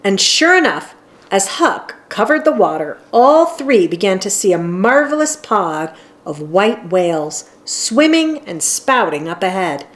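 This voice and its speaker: Slow, lively storybook narrator woman. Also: medium pitch. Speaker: children's book reader. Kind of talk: storybook read-aloud narration.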